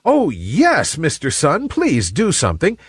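A chorus of anxious old clouds asking the sun for help, put on by a man reading a storybook. The voice is raised and pleading, with wide pitch swings. The sound is close and dry. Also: wildly swooping pitch, a little slow, slightly rough, dry recording, full character voice. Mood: worried.

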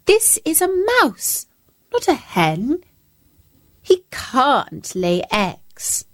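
A woman voicing a skinny, hungry cat that whines in a high, drawn-out voice. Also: wildly swooping pitch, full character voice. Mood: whining. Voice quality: whiny, drawn-out.

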